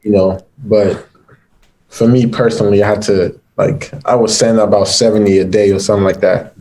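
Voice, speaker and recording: A man's voice: fairly low pitch, steady tone, fairly quick, warm tone, rough recording. A man guest on a video call, talking candidly and with emphasis.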